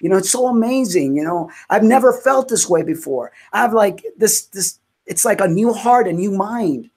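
A woman's voice: medium pitch, lively intonation, normal speed, warm tone, slightly rough. A woman hosts a casual conversation about faith. She speaks with fervent emotion and fills her sentences with little fillers. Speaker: host.

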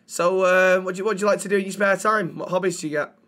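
A man's voice: high-pitched, steady tone, fast talker, pushed and bright. A man from Manchester with a Mancunian accent, teasing and swearing through casual in-character banter as a role-play streamer. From Manchester, England. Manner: cheeky, teasing, sweary, calls people love.

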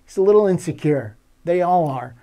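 A practical, reassuring woman assistant who gently pushes her boss along, as an older man quotes her in his own voice. The tone is mellow and warm, with no real change of voice. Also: sits high, expressive, a little fast. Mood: coaxing.

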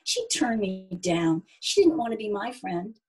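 A woman reading as a shy little brown mouse, storybook, husky breathy tone, lively rise and fall. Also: medium pitch, unhurried, exaggerated voice. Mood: hurt. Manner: earnest, wondering questions.

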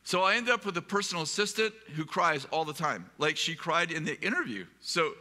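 A pastor telling a humorous, rambling personal story in a live sermon, with self-deprecating jokes. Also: male voice, fairly high pitch, animated, a little fast, sharp tone, in a large hall. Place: live event hall.

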